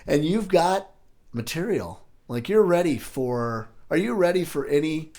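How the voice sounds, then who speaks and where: A man's voice: a little high, animated, a little slow, a little mellow. A man hosting a podcast, prompting and encouraging his guest in a casual interview. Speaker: podcast host.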